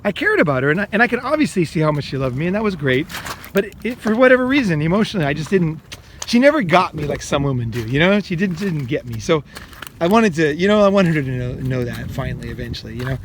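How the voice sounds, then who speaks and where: A man's voice: fairly high pitch, sing-song, quick pace, slight background noise. A middle-aged man hosting a podcast, giving dating advice in a rambling, blunt monologue full of swearing. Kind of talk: casual monologue.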